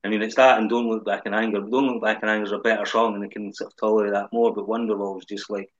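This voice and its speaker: A man's voice: fairly low pitch, flat delivery, rapid-fire, few pauses, a bit bright. A man joining a podcast video call as a supporter, talking in a blunt, sweary, emphatic way. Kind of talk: casual chat on an online call. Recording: muffled lo-fi online call audio.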